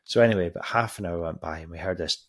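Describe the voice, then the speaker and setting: A man's voice: low-pitched, fast. A man, a podcast host, telling a story in a casual and rambling way and swearing freely.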